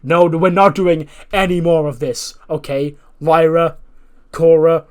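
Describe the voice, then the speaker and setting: A man's voice: a little high, steady tone, measured pace, natural voice. A man voicing a stern male wrestling general manager who lays down the law. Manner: firm, commanding.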